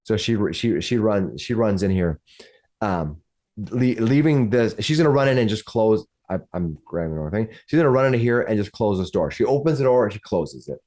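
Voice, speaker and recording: A man's voice: fairly low pitch, lively intonation, a little fast, mellow. A man running a tabletop game as game master, narrating with frequent restarts. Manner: rambling, many restarts.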